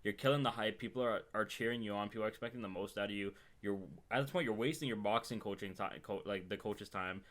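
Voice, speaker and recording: A man's voice: lowish voice, fast talker, hardly any pauses, a bit bright. A young man co-hosting a casual chat, emphatic and repetitive, often ending lines with "bro". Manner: emphatic, repeats himself, ends lines with "bro". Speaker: podcast co-host.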